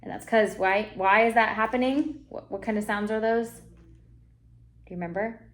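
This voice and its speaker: A woman reading teacher giving a one-on-one phonics lesson, encouraging and modelling sounds slowly for a young reader. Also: medium pitch.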